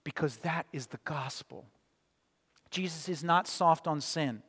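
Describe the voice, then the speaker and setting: A male pastor giving an earnest sermon, pressing hard on some phrases and dropping soft on key lines, then leading a prayer. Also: on the high side, a little slow, slightly rough, in a large hall. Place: church sanctuary.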